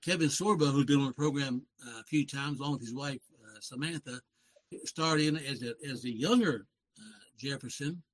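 A man's voice: mid-range voice, moderate pace, poor audio. Rambling older Southern man in his seventies. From West Virginia. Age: 70s. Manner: rambling, self-correcting, folksy. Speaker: radio pastor and guest. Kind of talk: casual talk show conversation.

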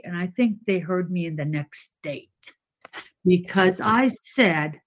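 A woman caller on a live talk show, telling a personal story in an animated way, with many fillers. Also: mid-range voice, unhurried, poor audio.

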